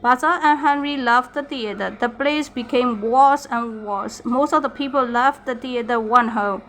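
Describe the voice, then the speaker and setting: Bright-voiced woman reading a storybook. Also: fairly high pitch, a little hiss or hum. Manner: halting, with slips and restarts. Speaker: reader. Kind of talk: reading a graded storybook aloud.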